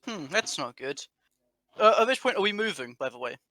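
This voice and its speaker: A man playing in a tabletop game, asking halting, stop-start questions. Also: high-pitched, very animated, pushed and bright. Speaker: player.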